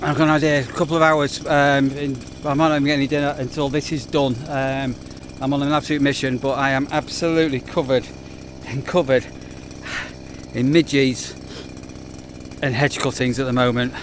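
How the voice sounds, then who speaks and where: A man's voice: medium pitch, little pitch movement, normal speed, slight background noise. A British man, a campsite warden, chatting casually while working outdoors, rambling with frequent ums and out of breath. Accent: British English. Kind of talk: casual outdoor work vlog.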